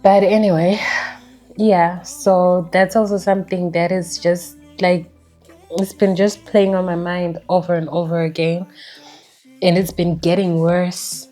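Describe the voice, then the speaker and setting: A young woman from Zimbabwe, talking candidly and reflectively in a personal vlog chat, with halting restarts. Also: lowish voice, dark tone. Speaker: book vlogger.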